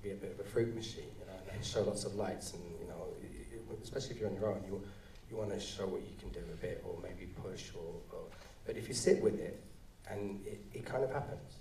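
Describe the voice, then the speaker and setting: A male actor answering audience questions at a live screening, talking in halting, rambling bursts with many restarts. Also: low-pitched, warm tone, far from the mic, slight background noise. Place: cinema auditorium. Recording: roomy hall sound, voice from off-mic.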